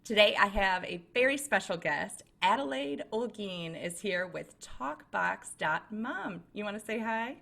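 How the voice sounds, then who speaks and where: A woman's voice: mid-range voice, animated, measured pace, gravelly, few pauses, bright, forceful tone. A woman hosting a podcast, introducing her guest in an upbeat, encouraging way. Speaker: podcast host. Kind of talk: podcast interview.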